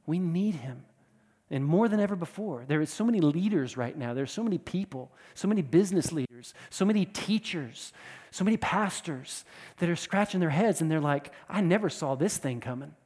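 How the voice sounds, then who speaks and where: A man preaching a sermon with emphatic delivery, repeating words and swinging between loud and soft. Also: a little high, expressive, normal speed, breathy edge, long reverb tail. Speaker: pastor.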